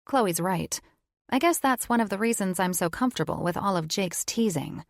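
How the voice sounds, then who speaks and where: A woman's voice: medium pitch, lively intonation, moderate pace, no echo, clean studio sound. A woman narrating a first-person romance audiobook in a wry, conversational tone. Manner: wry, conversational inner monologue.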